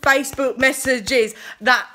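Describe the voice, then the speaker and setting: Bright-voiced sweary young woman. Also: sits high, steady tone, slow pace. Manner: chatty, sweary, filler-heavy retelling. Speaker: vlogger. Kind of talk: casual storytime.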